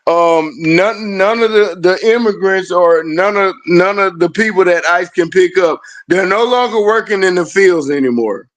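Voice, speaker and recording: A man's voice: sits high, moderate pace, few pauses. A man hosting a casual chat, telling stories animatedly and laughing often.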